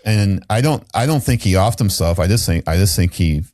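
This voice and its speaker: A man's voice: low-pitched, expressive, brisk, darkish tone, dry recording, studio quality. A middle-aged man, a podcast guest, telling a candid story in a rambling way with restarts and fillers.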